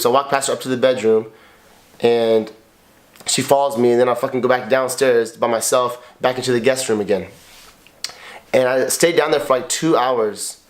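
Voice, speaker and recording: A man with a voice of ordinary pitch tells his story on a couple's podcast. He is blunt and emotional, swears freely and circles back over his own words. He speaks in a raw, confessional way. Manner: emotional and blunt, swears often, repeats himself. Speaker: podcast co-host, husband.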